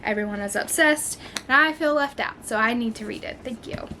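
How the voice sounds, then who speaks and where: A woman in a casual book vlog, talking in a gushing, excitable way with plenty of fillers. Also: fairly high pitch, brisk, a little hiss or hum. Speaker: book vlogger. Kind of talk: casual chat.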